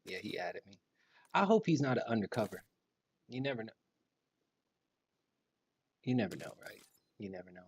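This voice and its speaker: A man's voice: lowish voice, sing-song, moderate pace, long pauses, slight background noise. A man livestreaming a shooter game, chatting casually, ranting and trash-talking with a lot of profanity. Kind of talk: casual gameplay commentary. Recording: gunfire and game sounds behind.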